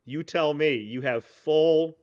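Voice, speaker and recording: A man narrating as game master of a tabletop game, wry and unhurried. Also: fairly high pitch. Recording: dull lo-fi audio.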